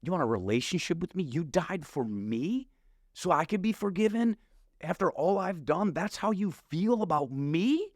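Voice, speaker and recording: A middle-aged male pastor telling his life story in a casual, animated way, acting out his younger self with slang. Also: high-pitched, moderate pace, dry recording, studio quality. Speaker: pastor and podcast guest. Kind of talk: personal testimony in casual conversation. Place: podcast studio.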